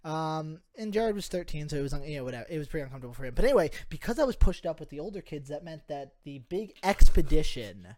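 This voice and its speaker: Animated young man telling a wild story. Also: a little high, fast talker, hardly any pauses. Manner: animated, acts out quotes, swears freely. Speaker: podcast host. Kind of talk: casual storytelling chat.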